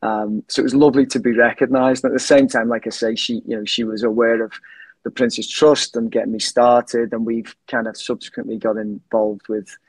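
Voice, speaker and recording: A middle-aged man talking as an interview guest, halting with many restarts and fillers. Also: medium pitch, little pitch movement, dry recording. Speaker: guest, company CEO. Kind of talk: casual interview talk.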